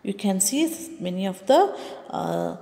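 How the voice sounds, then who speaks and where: A woman's voice: mid-range voice, sing-song, unhurried, creaky, mellow, in a large hall. A woman teacher giving a classroom science lesson, explaining step by step and often checking in with "okay" and "understood".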